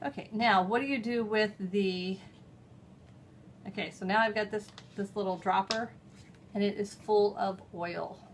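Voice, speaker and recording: A woman's voice: mid-range voice, measured pace, a little hiss or hum. Chatty woman demonstrating a craft. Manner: chatty, homey, step-by-step explaining while working. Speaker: host. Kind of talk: hands-on how-to demonstration.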